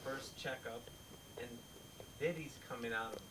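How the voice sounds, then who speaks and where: A man in the audience at a comedy club, a doctor, chatting casually and telling a story in a hesitant, then lively way. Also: medium pitch, unhurried, recorded from a distance, noisy background. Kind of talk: casual anecdote from the crowd.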